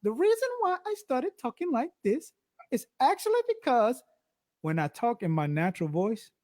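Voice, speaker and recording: A male guest, a songwriter who also hosts live streams, chats casually in an interview. He tells stories in an animated, goofy, dramatic way and deliberately pitches his voice above its natural level.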